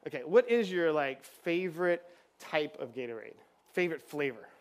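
A man's voice: on the high side, lively intonation, moderate pace. A man leading a children's church session on stage, playful and chatty with lots of fillers. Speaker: children's pastor. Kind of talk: lively children's church talk. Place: church stage with kids and adults.

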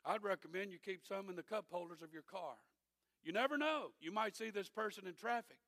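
A man's voice: sits high, fairly quick, creaky, fairly bright tone, no echo. A middle-aged man preaching a sermon as a pastor, telling folksy stories with dry humor.

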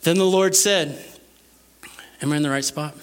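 A man's voice: fairly high pitch, moderate pace, smooth. A man preaching a sermon, chatty and joking in asides to the congregation. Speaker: pastor.

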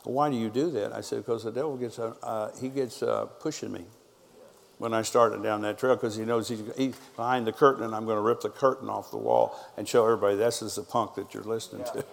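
This sermon comes from a middle-aged pastor whose voice sits on the low side, steady and gravelly, and he talks fast. He tells stories by voicing both sides of people's conversations, and the room sounds big.

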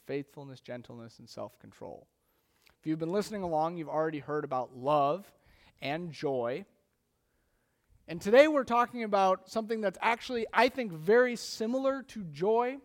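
Animated high-voiced male preacher. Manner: conversational, animated storytelling with acted-out asides. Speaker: pastor. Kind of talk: sermon.

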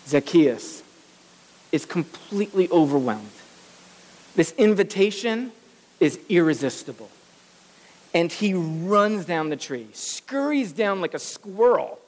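A pastor preaching a sermon in a lively, animated way, acting out the voices of the people in the story. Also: medium pitch, in a large hall.

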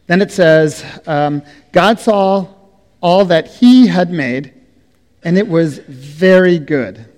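A middle-aged man preaching a sermon as a pastor, speaking slowly and deliberately, letting his phrases trail off softly. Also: sits high. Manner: slow, deliberate preaching with soft trailing endings. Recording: long reverb of a hall.

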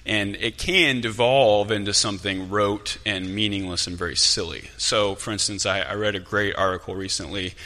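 A man preaching a sermon as pastor, talking in a conversational, animated way in a church sanctuary. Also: fairly low pitch, normal speed, few pauses. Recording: long hall reverb.

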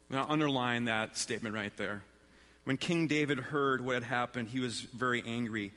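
Pastor reading scripture in a hall. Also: male voice, mid-range voice, normal speed, pushed and bright. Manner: reads scripture aloud with rising intensity.

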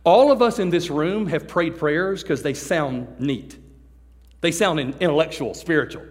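Joking, animated preacher man in a hall. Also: fairly high pitch, normal speed. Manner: animated and joking, acting out people he describes. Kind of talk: sermon to a youth service. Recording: long hall reverb.

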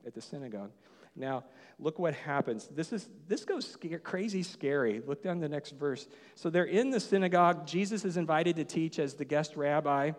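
A man preaching a sermon as pastor, telling the story with lively, acted-out asides and conversational questions to the congregation. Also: on the high side. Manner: animated storytelling, acting out voices in quotes. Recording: long hall reverb.

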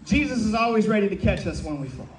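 High-voiced man preaching in a big echoey church. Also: lively intonation, fast talker. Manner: emphatic, calls out to the congregation. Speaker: pastor. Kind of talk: sermon. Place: church sanctuary. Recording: echoey hall, mic from a distance.

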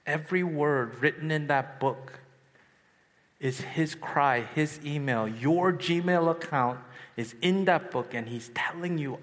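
A man in his thirties gives a sermon, telling a personal story that swings from hushed, slow passages to excited bursts. His voice sits a touch high. The sound rings with long reverb from a large hall. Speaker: youth retreat speaker.

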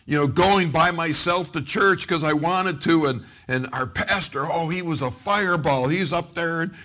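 A middle-aged pastor preaches a sermon in a voice on the high side at normal speed, with soft music in the background. He tells stories animatedly, acting out quotes, and often repeats words and restarts.

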